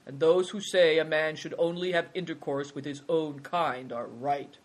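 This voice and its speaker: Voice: mid-range voice, steady tone, normal speed, lightly acted. A narrator doing a stern, formal traveler. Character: stern, proper traveler in green coat.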